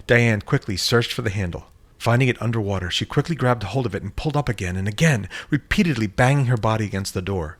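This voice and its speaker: Man narrating a scary story, very low voice, measured, dramatic. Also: husky. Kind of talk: scripted horror story narration.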